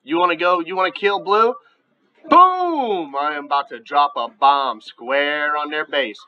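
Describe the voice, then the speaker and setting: A man hosting a gaming video with his son, giving excitable play-by-play with shouted sound effects. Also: fairly high pitch, normal speed. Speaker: dad and gaming channel host. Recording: dull lo-fi audio.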